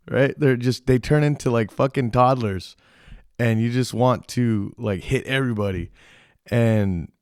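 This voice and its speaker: A young man tells a story on his podcast in a loose, rambling way, swearing freely and acting out what people said. His pitch sits in the middle for a man, and the sound is dry with no room echo. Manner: rambling, profane, animated retelling with quoted voices. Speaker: podcast host. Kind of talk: casual storytelling.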